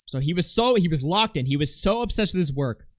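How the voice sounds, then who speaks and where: A man commenting on a clip during a live stream, mocking the speaker and mimicking him in loud shrieks. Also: a little high, lively intonation, fairly quick, no room sound, studio quality.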